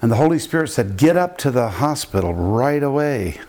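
An older man, a pastor, telling a story in a sermon and acting out the people in it with big jumps in his voice. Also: normal speed. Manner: animated preaching, acting out quotes with big pitch jumps.

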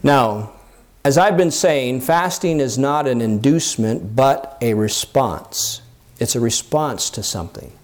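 A man's voice: animated, unhurried. A man preaching a sermon in an earnest teaching tone, with fillers and restarts, lifting his voice when he quotes scripture. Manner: rises in pitch when quoting scripture. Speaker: pastor.

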